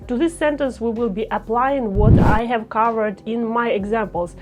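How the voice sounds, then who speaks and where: A woman teaching a lesson on speaking naturally on camera, talking in a slow, deliberate, demonstrative way. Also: on the high side, a little mellow, soft background music. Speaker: speaking coach.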